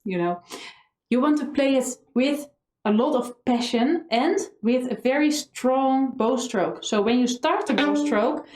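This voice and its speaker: A woman's voice: sits high, lively intonation, measured pace, darkish tone, slight background noise. A woman violin teacher giving a lesson with energy, singing melody lines on syllables. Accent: Dutch. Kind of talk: instructional tutorial. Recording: echoey room, faint violin.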